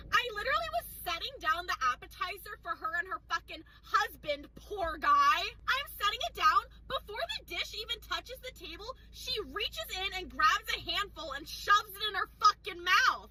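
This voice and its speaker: A woman's voice: very high voice, noisy background. A young woman working as a restaurant server, ranting in an exasperated, profane and sarcastic way. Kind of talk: ranting monologue.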